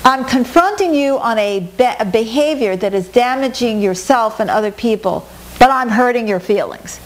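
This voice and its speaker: Middle-aged female teacher, slightly high voice, animated storyteller who voices her examples. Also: moderate pace, slight background noise. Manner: animated, acts out quoted inner voices. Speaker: workshop teacher. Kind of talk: spoken talk on personal growth.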